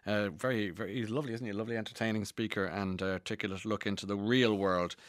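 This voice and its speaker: A man's voice: lowish voice, fairly even intonation, quick pace, dry recording. A man with an Irish accent hosting a radio interview in a chatty, friendly way, often restarting his sentences. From Ireland. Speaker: radio host. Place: radio studio.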